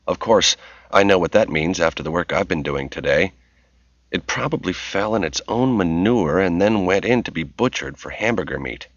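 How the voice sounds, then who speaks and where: Man doing a jittery young guy, anxious, evasive, slightly raised pitch, dry sound. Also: no echo, lo-fi sound. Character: nervous young man sneaking through files.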